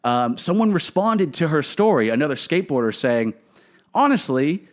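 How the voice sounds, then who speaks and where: A man's voice: on the high side, very animated, normal speed. A man, a comedian host telling a story in a casual monologue, swearing a lot and rambling with fillers. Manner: profane, rambling, full of fillers.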